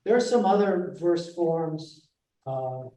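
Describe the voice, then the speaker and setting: A man giving an informal class on verse, speaking haltingly with many fillers and restarts and reading lines aloud. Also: fairly high pitch, lively intonation, warm tone, distant mic. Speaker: presenter of a Shakespeare class. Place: library meeting room. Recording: echoey room, voice picked up from afar.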